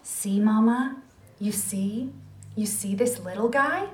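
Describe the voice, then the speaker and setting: A woman's voice: medium pitch, slow pace, natural voice. A woman voicing an eager, insistent little boy who calls out urgently in a story. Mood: wondering. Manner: urgent, calling out loudly.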